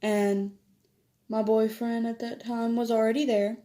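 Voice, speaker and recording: Telling stories as she does her makeup, a teenage girl chats casually for her vlog, laughing often and quoting people in a higher voice. Her delivery is otherwise flat, with a dark tone and a measured pace.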